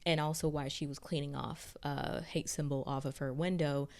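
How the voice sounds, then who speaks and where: A woman with a notably low, darkish and steady voice recaps a TV episode in an unhurried, chatty way, like an easygoing solo vlog. She rambles, restarts sentences and drops "like" into nearly every phrase.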